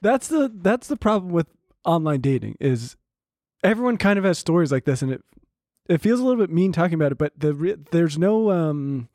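A man's voice: a little high, expressive, fairly quick, mellow, no room sound, clean studio sound. Man telling rambling dating stories. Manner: rambling storyteller, acts out quotes. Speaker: podcast co-host. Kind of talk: casual chat.

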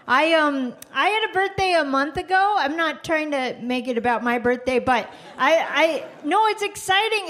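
A woman doing a stand-up set, hesitant and self-deprecating with deadpan jokes. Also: high-pitched. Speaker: stand-up comedian.

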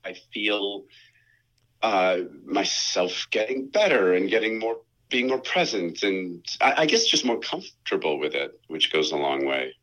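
A man's voice: low-pitched, sing-song, unhurried, a bit bright, low-quality recording. A man as a guest on a podcast call, talking in a rambling, self-deprecating way with frequent laughs. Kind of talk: casual chat over a call.

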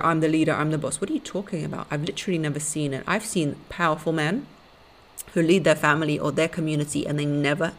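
Woman, podcast host, low voice, blunt, sassy, casual advice. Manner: blunt, sassy, calls listeners honey and baby.

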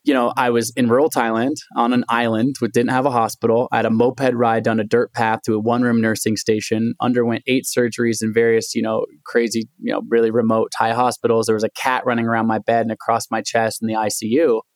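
A man's voice: mid-range voice, fast talker, few pauses, no room sound. A man, telling a personal story as the guest of a podcast interview. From United States. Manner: animated storyteller, acts out quoted voices. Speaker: guest, endurance athlete and author.

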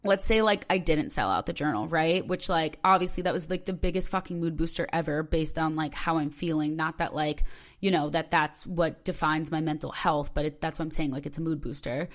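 A woman's voice: low-pitched, fairly quick. A young woman hosting her own podcast, talking candidly and rambling with lots of filler words. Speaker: podcast host. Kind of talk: personal podcast monologue.

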